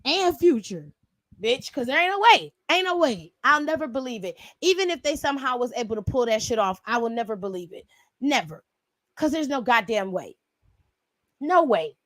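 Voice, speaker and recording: Brief: woman from Cleveland, high voice, sassy and profane wrestling recap host, dry close sound. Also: moderate pace, no room sound. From Cleveland, USA. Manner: sassy, profane, animated storytelling. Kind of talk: casual commentary.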